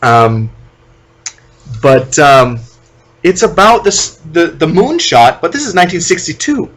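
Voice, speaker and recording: A man's voice: on the high side, very animated, a little slow, fairly bright tone, soft background music. A man co-hosting a podcast in casual chat, speaking hesitantly with many ums and giving blunt, critical opinions. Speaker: podcast co-host.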